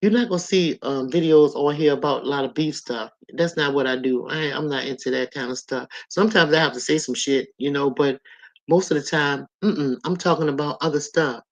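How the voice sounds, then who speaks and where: A woman's voice: low-pitched, brisk. Chatty woman in her sixties streaming live. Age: 60s. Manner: chatty and loose, addressing viewers directly. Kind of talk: casual live stream chat, reading viewer comments.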